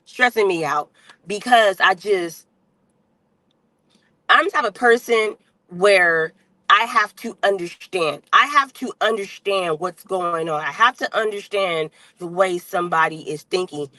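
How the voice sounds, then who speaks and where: A woman's voice: medium pitch, a little slow, pushed and bright, no echo, low-quality recording. A woman on a livestream, ranting bluntly with heavy cursing and lots of emphatic repetition. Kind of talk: unscripted livestream rant.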